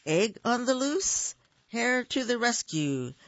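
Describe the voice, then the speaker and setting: A storyteller voicing a small, eager hare with a high, squeaky voice. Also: very animated, takes it slowly, a bit bright, no room sound, muffled recording, exaggerated voice.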